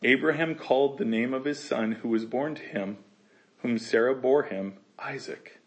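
A man with a mid-range voice leads a Bible study verse by verse at a moderate pace. He reads each passage aloud, then discusses it casually, laughing easily and acting out what the characters say.

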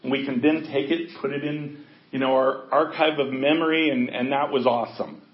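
A man's voice: mid-range voice, fairly even intonation, normal speed. A man pastor giving an informal, conversational sermon to a congregation, often checking in with his listeners. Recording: echoey, dull lo-fi recording.

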